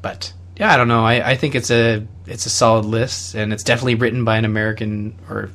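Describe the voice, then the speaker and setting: A man's voice: fairly low pitch, level tone, fast, fairly bright tone. A young Canadian man co-hosting a podcast, chatting casually with lots of fillers and restarts. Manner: rambling, many fillers and restarts. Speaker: podcast co-host. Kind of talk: casual chat.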